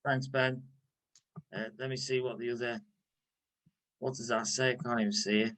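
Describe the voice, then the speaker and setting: A man with a Liverpool accent leads a recovery workshop, speaking candidly and conversationally with frequent restarts. His medium-pitched, fairly bright voice is delivered flatly at a normal speed. The recording quality is low.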